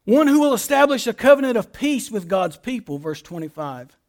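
A man with a strikingly high voice delivers a sermon as a pastor. He reads scripture passages aloud and explains them emphatically, posing rhetorical questions. His phrases often sink to a hushed close. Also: sing-song, brisk.

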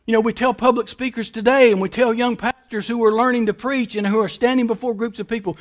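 A man with an unusually high voice delivers a sermon. He talks in an emphatic preaching manner, swinging from quiet, explanatory passages to loud, stretched-out calls. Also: lively intonation, normal speed. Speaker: pastor.

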